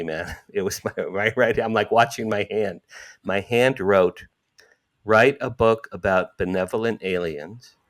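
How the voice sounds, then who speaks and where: A man, telling a personal story as an interview guest, acting out quotes with sudden jumps in pitch.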